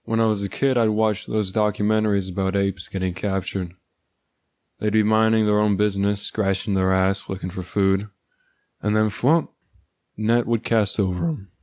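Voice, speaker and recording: Male storyteller, lowish voice, dry sardonic first-person read, very dry room. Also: fairly even intonation, moderate pace, darkish tone, no echo. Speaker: narrator.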